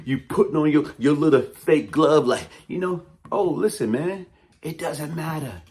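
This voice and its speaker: A man delivering a heated, taunting call-out monologue in blunt street talk. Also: mid-range voice. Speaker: YouTube commentator.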